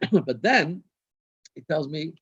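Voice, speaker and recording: A man, a rabbi, tells a long funny story over a video call and chuckles at his own punchlines. His voice sits on the higher side. The audio is dull and lo-fi. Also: lively intonation, slow pace, fairly bright tone, husky. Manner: anecdotal, laughing at his own jokes.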